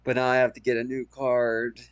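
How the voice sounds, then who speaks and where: A man's voice: medium pitch, monotone, a little fast, smooth, highs cut off. Chatty man telling stories on a podcast. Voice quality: chatty, laughs through his stories. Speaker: podcast co-host. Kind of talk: casual movie chat.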